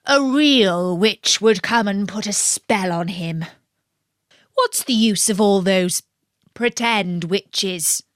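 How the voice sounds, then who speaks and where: Woman putting on a puffed-up know-it-all pond guy, slow and grand, very pleased with himself. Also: mid-range voice, no echo, clean studio sound, close to an everyday voice. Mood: musing. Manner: pompous, self-important, measured. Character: pompous know-it-all male pond creature.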